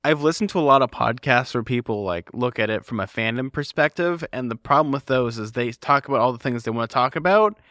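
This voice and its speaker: A man's voice: mid-range voice, brisk, few pauses, a bit bright, dry recording. Man, podcast co-host, casual chat, filler-heavy, dry close mic. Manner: filler-heavy, chatty with lots of "like".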